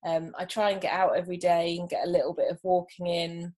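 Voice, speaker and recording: A woman's voice: on the low side, little pitch movement, fast talker, darkish tone. A woman, a guest in a casual interview, talking thoughtfully with frequent ums. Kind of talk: casual chat.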